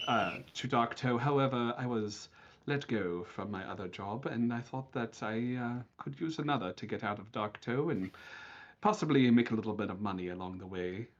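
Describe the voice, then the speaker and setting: A man's voice: fairly low pitch, slight background noise, natural voice. Man doing a cocky seafaring navigator, confident and a bit smug, muffled sound. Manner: self-assured, slightly full of himself. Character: boastful young male sea navigator.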